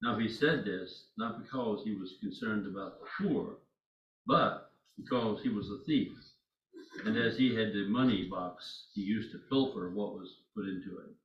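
A man with a lower voice reads a scripture passage aloud to a study group in a steady, plain way. He is far from the mic in an echoey room, and the sound is dull. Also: moderate pace. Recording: far, roomy, dull recording.

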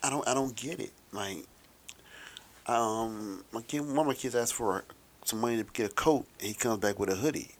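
A man's voice: mid-range voice, moderate pace. A middle-aged man talking in a casual, rambling, wry monologue with some profanity.

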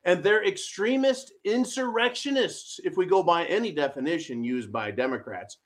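High-voiced sarcastic male political ranter. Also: lively intonation, normal speed. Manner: sarcastic, mocking, shouty rants with audience asides. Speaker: political commentary host. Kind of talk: ranting political commentary.

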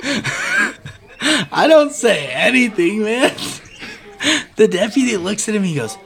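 A man with a fairly high voice that swings widely in pitch while he tells a story. He talks casually and laughs through the tale, acting out each person he quotes. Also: very animated, measured pace, gravelly, fairly bright tone.

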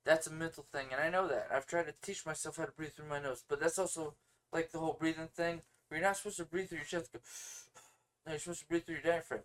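A man in his thirties co-hosts a loose, casual podcast with a stuffed-up nose. He talks in animated, sarcastic rants, driving his opinions home. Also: a little high, fast talker. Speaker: podcast co-host.

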